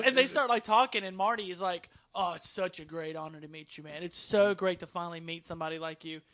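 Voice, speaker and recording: Male co-host, high and bright, animated anecdote teller. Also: quick pace, few pauses. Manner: animated storyteller acting out quotes. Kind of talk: casual chat.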